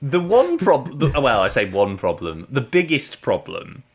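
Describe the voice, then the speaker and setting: This podcast co-host has a medium-pitched, breathy-edged voice and talks a little slowly but very animatedly. His casual chat about a TV serial wanders, full of "like" and laughter.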